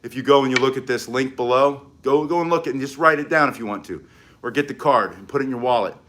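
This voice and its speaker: A man's voice: mid-range voice, quick pace, a bit bright, slight background noise. A man teaching self-defense, explaining and demonstrating moves with energy, sometimes moving away from the mic. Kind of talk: demonstration tutorial.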